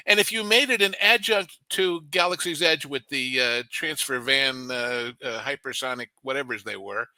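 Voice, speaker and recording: Bright, tense-voiced man on a panel. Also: medium pitch, moderate pace, no room sound, poor audio. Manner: reminiscing, wry, with fillers. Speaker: panel guest. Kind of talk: casual panel chat.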